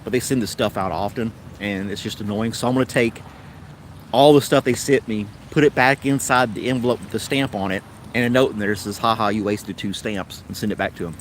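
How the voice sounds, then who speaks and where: A man's voice: on the low side, a little fast, slight background noise. A man with a Tennessee accent hosting a casual livestream chat, rambling along in an easygoing way. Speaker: host.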